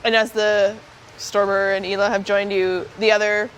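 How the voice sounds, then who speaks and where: A woman narrating as game master of a tabletop game, describing the scene in measured sentences. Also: mid-range voice, flat delivery, rough recording. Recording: faint background noise.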